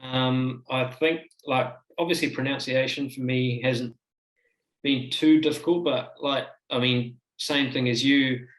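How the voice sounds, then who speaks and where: A male panelist speaks candidly in an even, flat tone, circling back through his thoughts. The room around him is noticeably roomy and echoey. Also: medium pitch, unhurried. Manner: candid, rambling with fillers and restarts. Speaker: panelist, cricketer.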